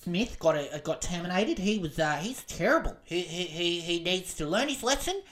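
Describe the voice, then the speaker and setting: A man's voice: sits high, lively intonation, normal speed, fairly bright tone. A man mockingly imitating a smug female television pundit with a nasal voice, in his own casual podcast rant.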